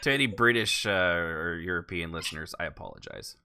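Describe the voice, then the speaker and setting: A man's voice: low-pitched, fairly quick, vocal fry, a crowd in the background. A man hosting a casual podcast chat who rambles a little and pokes fun at himself. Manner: rambling, self-deprecating, loses his place. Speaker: podcast host.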